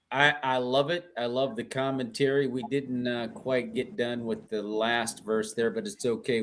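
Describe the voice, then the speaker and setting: A man's voice: mid-range voice, a little hiss or hum. A man hosting a casual panel chat, guiding the talk and encouraging guests. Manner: encouraging, quick interjections. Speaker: host.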